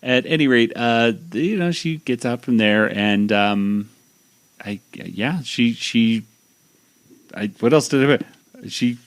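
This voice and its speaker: A man's voice: mid-range voice, slow pace, slight background noise. A man hosting a podcast, casually recapping a cartoon episode in a rambling way with lots of fillers and restarts. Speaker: podcast host.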